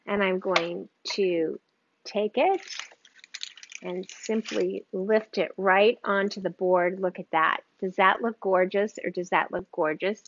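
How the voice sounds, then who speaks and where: A woman hosting a live home cooking stream, gushing over the food and talking straight to her viewers. Her voice sits at an ordinary pitch. The sound is a little dull and lo-fi, like a livestream from a kitchen. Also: slight background noise. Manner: gushing, enthusiastic, chatty with viewers. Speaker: cooking show host.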